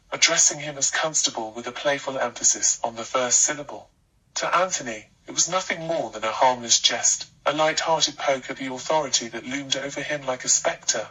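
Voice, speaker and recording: A man narrating a scripted life story with a steady, even storytelling delivery. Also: medium pitch, husky, distant mic, low-quality recording.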